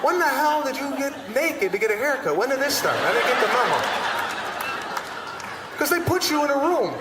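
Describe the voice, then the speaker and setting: A male stand-up comedian with a high-pitched, animated voice. He builds exasperated stories toward shouted punchlines. He is heard in a big hall with a long echo, loud audience noise and crowd sound underneath. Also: fast. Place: large live comedy venue.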